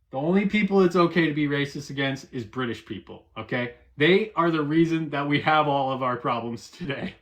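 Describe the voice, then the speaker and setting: A man's voice: on the high side, animated, moderate pace, fairly bright tone. A man hosting a live stream, arguing in a profane, combative and mocking way. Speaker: livestream host. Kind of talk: heated live-stream argument.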